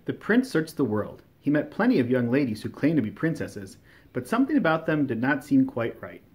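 A man reads a fairy tale aloud to children, his mid-pitched voice rising and falling with lively expression. He tells the story with care and clear storytelling emphasis. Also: brisk. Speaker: storybook reader.

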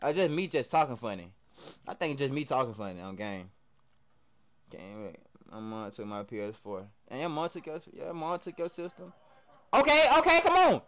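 Excitable young man streaming a game. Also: medium pitch, moderate pace. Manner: excitable, shouts at teammates, slangy banter. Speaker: live streamer. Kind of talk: live gameplay commentary and chat reading.

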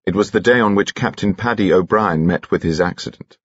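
A man playing a controlled, ardent police inspector, speaking quietly and measured. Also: deep voice, husky, no room sound, highs cut off. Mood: formal, firm.

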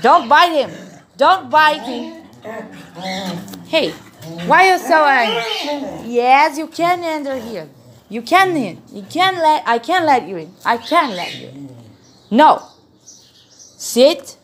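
A woman's voice: high-pitched, sing-song, slow, pauses often. A young woman with a Brazilian accent, a native Portuguese speaker, vlogging casually and coaxing her pets with affectionate baby talk.

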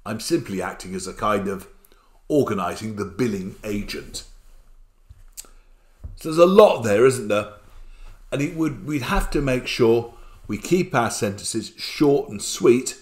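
Chatty older man, low-voiced tutor. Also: animated, a little slow, long pauses. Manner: chatty, asks rhetorical tag questions. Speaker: accountancy exam tutor. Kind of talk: recorded revision lecture.

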